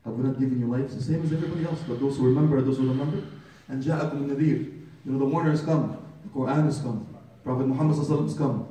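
Male preacher, fervent sermon, quick delivery, mellow voice, recites scripture, booming roomy echo from far off. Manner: fervent, rhetorical questions, addresses listeners as brothers; recites Arabic scripture and translates it. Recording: very echoey room, far from the mic.

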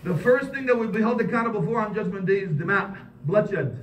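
Impassioned high-voiced preacher in an echoey hall. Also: male voice, animated. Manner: impassioned, rising to emphatic peaks, recites Arabic quickly. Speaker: imam giving a Friday sermon. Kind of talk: sermon. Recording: echoey hall, mic at a distance, faint noise.

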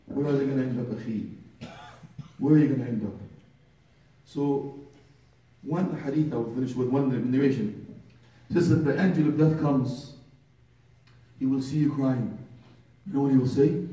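A man's voice: mid-range voice, normal speed, pauses often, warm tone. A man preaching a sermon with passion, speaking directly to his listeners as brothers and building to urgent pleas. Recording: roomy echo from far off.

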